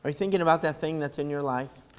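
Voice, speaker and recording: A man preaching a sermon, reading scripture and swinging from quiet, low talk to loud, impassioned calls. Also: quick pace, clear, resonant tone, big-room sound. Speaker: pastor.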